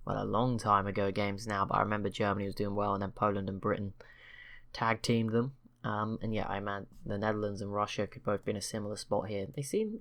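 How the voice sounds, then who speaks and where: A man narrates a strategy game run in an easygoing, conversational way. His voice sits on the lower side, and he rambles, second-guesses himself and slips in wry teasing remarks as he goes. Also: a bit bright. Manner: rambling, self-correcting, wry teasing asides. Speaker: strategy game channel host. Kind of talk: casual let's-play commentary.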